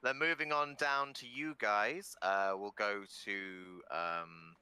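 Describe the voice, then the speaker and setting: A man narrating a tabletop game as game master, animated and often laughing. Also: lowish voice, slow, clear, resonant tone, no room sound.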